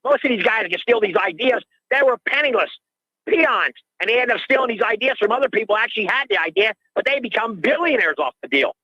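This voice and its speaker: A man's voice: sits high, expressive, fast talker, pushed and bright, no room sound. An older man calling in to a radio show, ranting in an agitated way and repeating himself, heard through dull lo-fi call audio. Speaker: caller.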